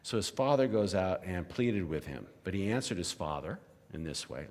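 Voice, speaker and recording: A man's voice: low-pitched, very animated, normal speed, a little mellow. A man leading a conversational Bible lesson at a church, often tossing in "you know" and "right?" as he explains the story. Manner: casual, frequent "you know" and "right?" asides. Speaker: church teacher. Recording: long reverb of a large hall.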